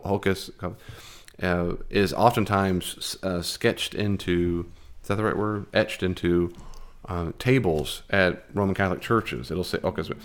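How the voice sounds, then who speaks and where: A man teaching a Bible class in a conversational, animated way, with fillers and restarts. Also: low voice.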